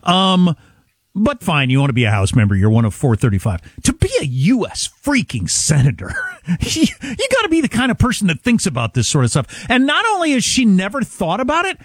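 A man's voice: sits high, huge pitch swings, a little fast, slightly rough, no room sound, clean studio sound. A man hosting a political talk show, mocking and opinionated in casual banter.

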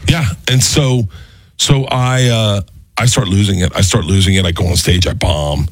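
A comedian in his thirties telling a rambling, animated, self-mocking story in casual chat. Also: fairly low pitch, moderate pace, no echo.

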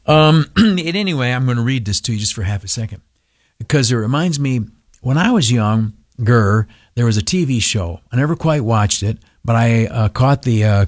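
Rambling, indignant talk radio host. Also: male voice, mid-range voice, darkish tone, dry recording, clean studio sound. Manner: rambling, filler-heavy, blunt and indignant.

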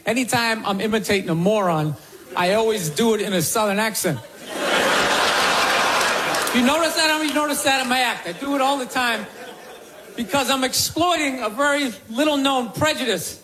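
A man doing a stand-up comedy routine in a club, animated and mocking. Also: very high voice, moderate pace, long pauses, very noisy. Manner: animated, mocking put-on voices. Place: comedy club with a laughing crowd. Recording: live club recording, loud crowd.

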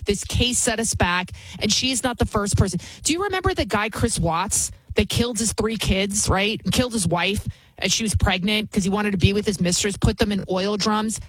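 A woman's voice: a little high, no echo, poor audio. A woman hosting a talk show, giving emphatic, indignant commentary and repeating phrases to drive her points home. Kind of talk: opinionated commentary.

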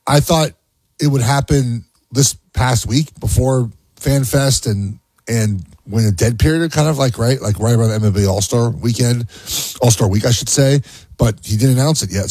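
A man's voice: mid-range voice, a little mellow, breathy edge, no room sound. A man co-hosting a sports talk show, speaking casually with frequent restarts and ums. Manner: halting, many restarts and ums.

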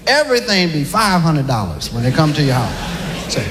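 A male stand-up comedian with a high, lively voice, telling loose stories and dropping into character voices. The sound is an old noisy recording with a long echoing hall around him. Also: moderate pace.

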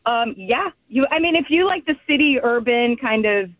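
A woman's voice: a little high, expressive, normal speed, no echo. Woman on a tinny phone line. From Egypt. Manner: hesitant, filler-heavy, giggly. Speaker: guest. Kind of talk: casual radio chat.

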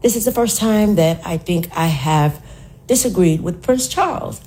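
A woman calling in to a talk show with a lowish, mellow voice. There is a husky edge to her tone, and she shares her views in a measured, earnest way. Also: lively intonation. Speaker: caller. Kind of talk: casual call-in chat.

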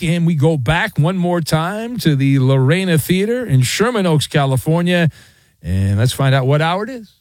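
Sports radio host, male, lively swooping delivery, dry close studio sound, sarcastic ribbing of callers. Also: fairly high pitch, moderate pace, no echo. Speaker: radio talk show host. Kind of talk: overnight sports talk radio. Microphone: studio microphone.

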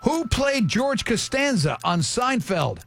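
A man's voice: very high voice, very animated, slow pace, vocal fry, fairly bright tone. A man hosting a morning radio show, running a call-in quiz with joking, teasing banter.

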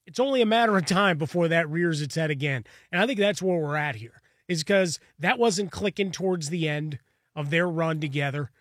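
A man co-hosts a sports talk show with a fairly high voice. He talks casually and builds his case through everyday comparisons. The recording is dry and close. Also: moderate pace, fairly bright tone, dry recording. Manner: conversational, builds analogies. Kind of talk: casual sports radio chat.

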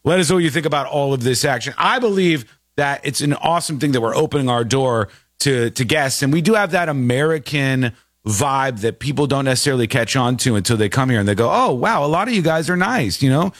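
A man hosting a talk show, giving animated, opinionated commentary and laughing easily. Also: medium pitch, fast, no echo, clean studio sound. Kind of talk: casual commentary.

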